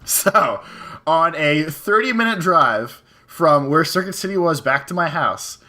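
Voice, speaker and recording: A man on a podcast telling a story in a casual, profane, animated way. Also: fairly high pitch, a little slow. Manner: profane, animated retelling with acted-out quotes. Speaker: podcast co-host.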